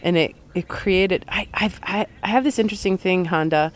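A young woman with a head cold hosts a casual podcast chat. She rambles and giggles, trips over words and plays with rhymes, in a slightly low voice. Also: normal speed. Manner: giggly, rambling, playful wordplay. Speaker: podcast host.

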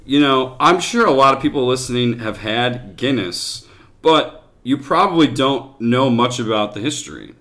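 Man, podcast co-host, casual chat, jokey, laughs a lot, middle pitch. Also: animated, moderate pace, sharp tone.

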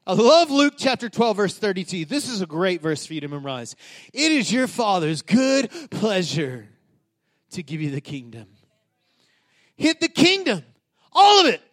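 A man's voice: high voice, sing-song, moderate pace. A middle-aged man, a pastor, preaching a conversational sermon that climbs to emphatic peaks.

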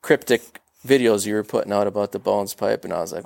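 A man's voice: fairly low pitch, quick pace, vocal fry, a little mellow, dry recording. A man talking as a podcast guest, friendly and easygoing in casual chat.

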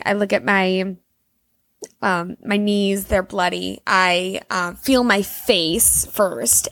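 A woman's voice: mid-range voice, vocal fry. A young woman tearfully telling a personal story in a casual, rambling way, full of fillers. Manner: rambling, emotional, heavy use of "like".

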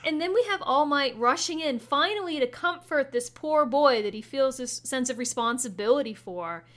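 A woman co-hosting a casual anime recap chat, chatty and quick to laugh. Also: high-pitched, lively intonation, a bit bright. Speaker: podcast co-host.

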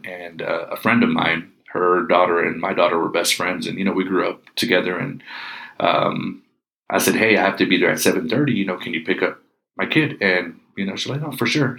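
Middle-aged man, very low voice, casual storyteller, animated quotes. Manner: animated, acts out quoted speech. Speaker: guest telling a personal ghost story.

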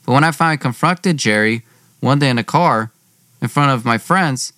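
A man's voice: medium pitch, normal speed, pushed and bright, no room sound, clean studio sound. A young man narrating his own story in a plain, conversational way.

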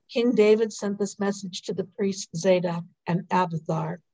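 A woman reading psalms and a scripture lesson aloud in a morning prayer service, in a measured, even way. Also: mid-range voice, low-quality recording. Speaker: scripture reader. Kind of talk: liturgical responsive reading.

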